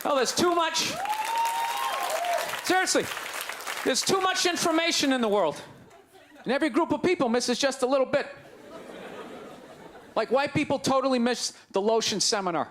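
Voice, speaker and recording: Brash high-voiced Boston comic, live crowd. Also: male voice, expressive, moderate pace, pauses often. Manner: brash, ranting, mocking the crowd. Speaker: stand-up comedian. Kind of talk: stand-up comedy set. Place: comedy stage before a live audience. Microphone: handheld stage mic. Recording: live club recording with crowd noise.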